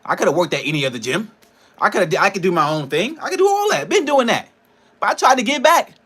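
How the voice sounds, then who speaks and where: A man's voice: high voice, very animated, fast talker, fairly bright tone, husky. A man, a personal trainer and nutrition coach, ranting in a casual vlog, frustrated and profane, rambling between laughs.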